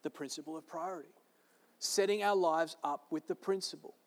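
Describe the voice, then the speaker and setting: Pastor, male, high-pitched and emphatic, preaching in a big reverberant hall. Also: normal speed. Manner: emphatic, repeating key phrases. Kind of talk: sermon. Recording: long reverb of a large hall.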